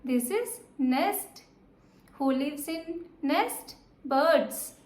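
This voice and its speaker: Slow, high-voiced woman teaching children. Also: expressive, darkish tone, echoey room. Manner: slow, repetitive, asks and answers questions. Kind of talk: children's lesson.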